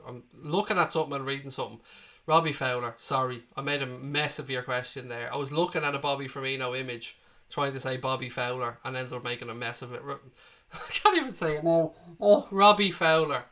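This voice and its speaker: A man's voice: mid-range voice, steady tone, brisk, pushed and bright. An Irish man in his thirties hosting a live football watchalong, chatting casually and answering viewers' comments one by one. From Ireland. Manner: chatty, matey, answers chat questions one by one. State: recovering from being sick.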